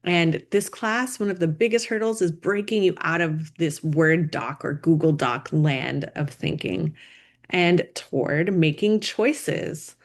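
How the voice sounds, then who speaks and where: A woman with a fairly low voice delivers a recorded design lecture. She explains each point clearly and deliberately. She leans on key words for emphasis. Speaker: design instructor. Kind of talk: recorded lecture over slides.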